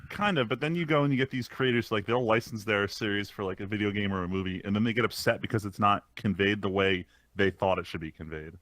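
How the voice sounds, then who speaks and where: A man's voice: on the low side, fairly even intonation, fast, few pauses, fairly bright tone. A man co-hosting a casual podcast, ranting and explaining at length with some swearing. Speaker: podcast co-host. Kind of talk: casual chat.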